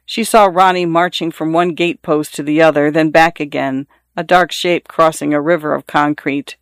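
An audiobook narrator reading literary fiction in a measured, even storytelling voice. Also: medium pitch, clear, resonant tone, no room sound, studio quality.

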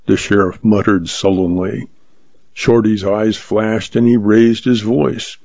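Gravelly low male narrator. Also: measured pace, darkish tone, no room sound. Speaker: audiobook narrator. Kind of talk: scripted narration. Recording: dry, slightly muffled lo-fi.

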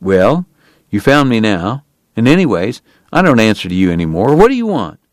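A man voicing a young, excitable frontier sheriff who talks fast and defensively in a raised voice. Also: on the low side, no room sound, clean studio sound.

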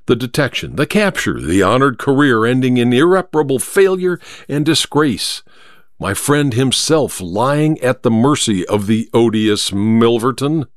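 Expressive male audiobook narrator. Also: medium pitch, a little slow, gravelly, dry recording, clean studio sound. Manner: steady, expressive storytelling.

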